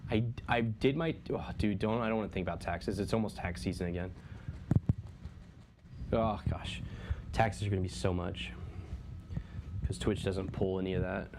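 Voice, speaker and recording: A young man, chatting casually with his viewers during a livestream while he paints, breaking into loud excited bursts now and then. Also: low-pitched, normal speed, pauses often. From Texas. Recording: steady background noise.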